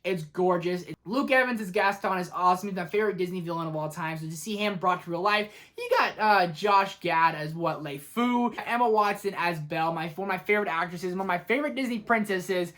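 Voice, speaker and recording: A woman's voice: fairly low pitch, fairly quick, hardly any pauses, a bit bright. A woman vlogger chatting enthusiastically as she ranks movies, opinionated and talking straight to her viewers. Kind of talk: casual movie ranking vlog.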